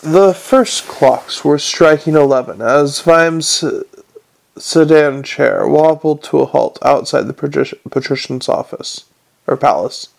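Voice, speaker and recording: Gravelly male storybook narrator. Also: on the high side, unhurried. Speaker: audiobook narrator.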